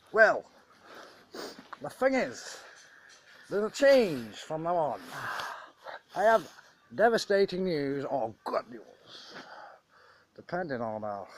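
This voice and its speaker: A man's voice: medium pitch, slight background noise. A man playing a rambling, foul-mouthed ex-soldier with a Scottish accent in a comic monologue, talking outdoors in a garden and dropping into whispers now and then. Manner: rambling, heavy swearing, sudden drops to a whisper.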